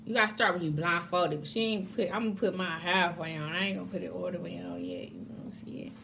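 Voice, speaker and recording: A woman chatting casually to camera as a mukbang vlogger, excitable and calling her viewers y'all. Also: fairly low pitch, quick pace, gravelly, a little hiss or hum.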